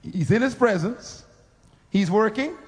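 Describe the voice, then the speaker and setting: A male preacher. He swings between booming shouts, laughter and low teasing asides, pulling the congregation into call-and-response. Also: lively intonation, a little slow, breathy edge. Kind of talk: sermon.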